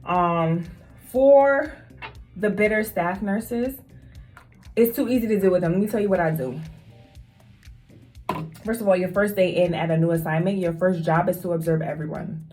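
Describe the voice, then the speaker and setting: A woman's voice: lowish voice, moderate pace, long pauses, darkish tone, faint music behind. A woman who works as a nurse, talking straight to her viewers in an emphatic, casual storytelling vlog. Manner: emphatic, talks straight to viewers, repeats phrases for stress.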